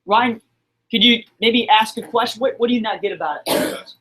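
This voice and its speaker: A man's voice: high-pitched, normal speed, bright, forceful tone. A man teaching a math class in a classroom, upbeat and encouraging as he quizzes his students. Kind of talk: classroom lesson streamed online.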